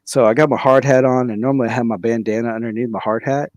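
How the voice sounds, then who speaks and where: A young man rambling through a comedic story on a podcast, stumbling over restarts and piling on fillers. His voice sits at a middle pitch, recorded close and dry with no room sound. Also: fairly even intonation, dry recording, lo-fi sound. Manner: halting, many restarts and 'like'. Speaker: podcast co-host.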